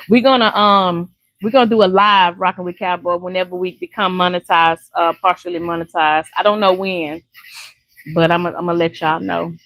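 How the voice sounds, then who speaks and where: An older Louisiana woman chats casually with live-stream viewers, laughing often in a warm, folksy way. Her voice is lowish, her intonation fairly even, and her speed normal. The recording is rough but has no room sound.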